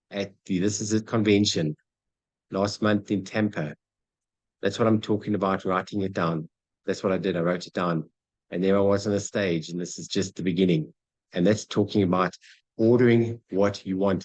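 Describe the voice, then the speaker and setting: A man gives an energetic motivational talk on goal setting, speaking straight to his audience, calling them "guys," and acting out little scenes with dialogue. His voice is lowish, and the recording quality is low.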